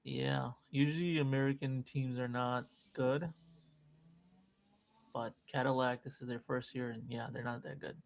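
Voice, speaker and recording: Chatty gravelly man calling trades live. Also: medium pitch, little pitch movement, a little slow. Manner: chatty, jokey, cheers the market on. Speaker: trading stream co-host. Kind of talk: casual chat and live trade commentary.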